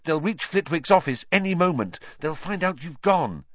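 A man's voice: a little high, very animated, fairly quick, fairly bright tone, no room sound, lo-fi sound, voice pushed up. A man voicing a brave teenage boy who speaks with urgency. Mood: urgent. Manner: urgent, breathless, commanding.

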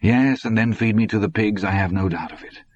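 A man's voice: on the low side, brisk, muffled recording, pitched above the performer's own voice, natural voice. A man voicing a sly, bitter sick old man in an audiobook, mocking and weak-voiced. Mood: sardonic.

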